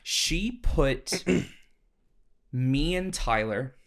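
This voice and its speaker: A young man co-hosting a casual podcast, telling high school stories animatedly and swearing freely. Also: expressive, very slow, a bit bright. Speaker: podcast co-host. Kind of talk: casual storytelling chat.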